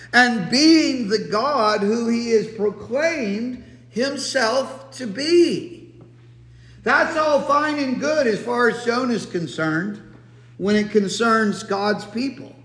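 A man giving a Bible teaching sermon in a relaxed, conversational way, full of restarts and asides. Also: high voice. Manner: conversational, many restarts and fillers. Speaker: preacher. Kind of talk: expository sermon. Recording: echoey hall.

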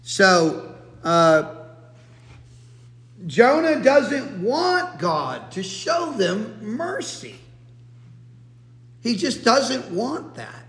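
A man giving a Bible teaching sermon in a relaxed, conversational way, full of restarts and asides. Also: sits high, drawn-out words, long pauses. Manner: conversational, many restarts and fillers. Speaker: preacher. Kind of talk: expository sermon. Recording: echoey hall.

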